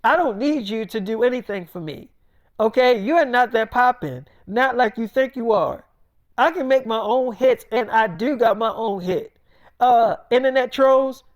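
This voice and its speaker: A man's voice: extremely high pitch, dry recording, studio quality. A man voicing a brash, defiant young woman rapper, cursing in heated slang during a freestyle story.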